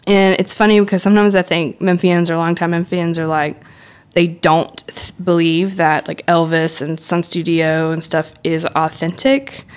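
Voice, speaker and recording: A woman's voice: fairly low pitch, little pitch movement, moderate pace, smooth. A woman guest on a podcast, talking casually about a music blog with plenty of fillers. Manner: chatty, filler-heavy.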